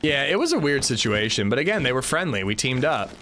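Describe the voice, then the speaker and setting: A man casually commenting on his survival shooter game during a livestream, chatting with viewers and reacting out loud. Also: medium pitch, big pitch swings, quick pace, slight background noise. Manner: chatty, reacts loudly, talks to chat. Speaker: streamer playing a survival shooter.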